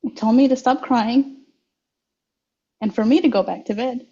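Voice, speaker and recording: A young adult woman, interviewed as a guest, telling a personal story slowly and reflectively with frequent restarts. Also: a little high, dark tone, slightly rough, muffled recording.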